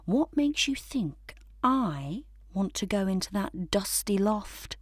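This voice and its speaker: A woman voicing a haughty, pampered male house cat who grumbles in a lower, quieter voice. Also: animated, slow, no room sound, studio quality. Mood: disdainful. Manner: low, grumbling, contemptuous.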